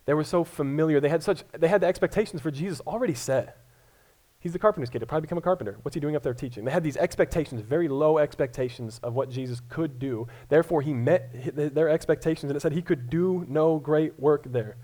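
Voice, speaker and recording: A man's voice: fairly high pitch, fast talker, mellow. A young man from Colorado preaching a sermon in a casual, self-deprecating way, often restarting his words. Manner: conversational, self-deprecating, frequent stammered restarts. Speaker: pastor.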